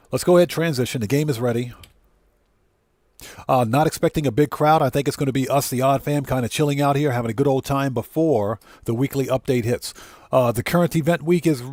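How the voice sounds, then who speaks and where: With no face cam on his game livestream, this American host speaks into a desk mic and warmly, casually welcomes each chat viewer in turn. His voice is mid-range, a little mellow, and free of echo.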